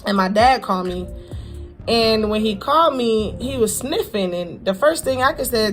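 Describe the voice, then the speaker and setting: A young woman from Florida, telling a personal story to camera in a halting, repetitive, heartfelt way with casual slang. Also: fairly high pitch, animated, faint music behind. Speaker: vlogger.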